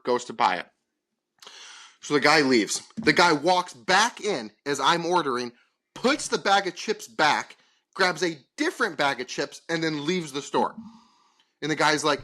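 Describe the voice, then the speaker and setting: A man's voice: on the high side, lively intonation, brisk, pushed and bright. Profane, exasperated man telling a story. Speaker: podcast co-host. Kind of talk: casual storytelling chat.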